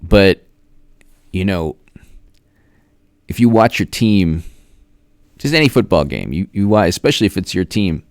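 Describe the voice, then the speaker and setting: A man with a low voice hosts a casual live stream and rambles from one thought to the next. Now and then he stretches out viewers' names in a sing-song voice. The sound is dry and close, with no room in it. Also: animated, a little slow, long pauses, no room sound. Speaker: political commentary host. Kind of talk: casual livestream chat.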